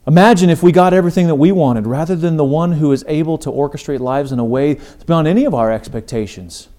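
A man's voice: on the high side, quick pace, dark tone. A middle-aged man hosting a faith podcast, delivering an earnest, emphatic sermon-style talk. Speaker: podcast host.

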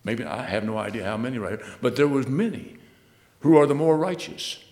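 A man preaching a sermon, reading scripture aloud and then expounding it, swinging between loud emphatic bursts and low, quiet asides. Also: animated, brisk, big-room sound.

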